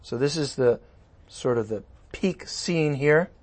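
Animated male pastor preaching. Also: mid-range voice, takes it slowly, husky. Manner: animated, conversational asides. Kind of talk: sermon.

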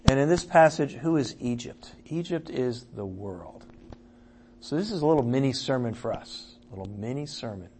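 A man leading an evening Bible study, reading scripture aloud with quiet asides and loud, emphatic passages, often checking in with his listeners. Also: mid-range voice, lively intonation, normal speed, a little hiss or hum. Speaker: Bible teacher.

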